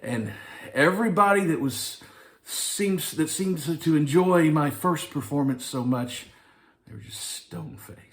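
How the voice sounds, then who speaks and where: A man's voice: on the high side, animated, a little slow. A man from Arkansas, an actor, telling a wry, self-deprecating story about an audition. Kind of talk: anecdotal storytelling.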